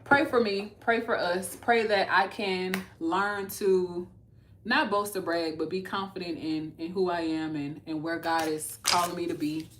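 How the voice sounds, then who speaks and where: A woman's voice: fairly low pitch, fairly even intonation, a little slow, background noise. A woman in her thirties from Texas, hosting a casual livestream and talking earnestly to her viewers. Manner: earnest, talks to viewers as y'all. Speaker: livestream host.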